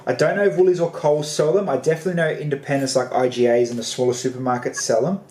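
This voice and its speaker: An Australian man hosting a livestream show, telling rambling stories in a casual, animated way with lots of fillers. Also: medium pitch, racing, echoey room. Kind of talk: casual chat.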